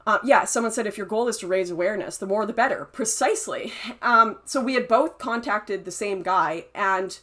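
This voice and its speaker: A woman's voice: medium pitch, fairly quick, hardly any pauses, a bit bright. A young adult woman hosting a casual livestream, chatty and laughing often as she reads and answers chat comments. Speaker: livestream host reading chat.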